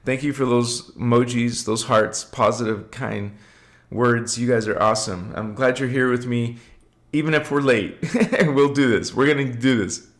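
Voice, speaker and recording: A man's voice: mid-range voice, fairly even intonation, normal speed. Man chatting on a spiritual livestream. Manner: chatty, laughs often, greets viewers by name. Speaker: livestream host. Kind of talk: casual spiritual livestream talk.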